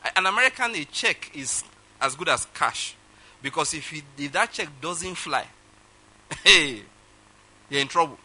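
A man with a Nigerian English accent preaching a sermon, telling a personal story with sudden swings between loud and soft delivery. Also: on the high side, lively intonation, a little slow, long pauses. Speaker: pastor.

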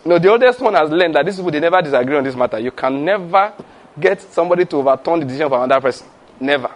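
A man preaches with a voice pitched somewhat above most men's. He drives his points home through rhetorical questions and call-and-response, and he laughs freely along the way. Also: expressive, very fast. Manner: breaks into laughter while preaching. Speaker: pastor. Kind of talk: sermon.

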